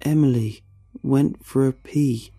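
A man's voice: medium pitch, fairly even intonation, slow pace, creaky, dark tone, husky, soft background music, pitched above the performer's own voice, exaggerated voice. A man voicing an eerie possessed young man who repeats himself with a dead face. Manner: dead-faced, repetitive.

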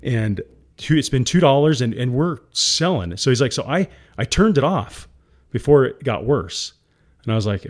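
A man's voice: medium pitch, big pitch swings, moderate pace. A man guest in an interview, candidly recounting a hard business moment, getting teary and laughing often. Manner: emotional, laughs often, calls the host "guy". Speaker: guest entrepreneur.

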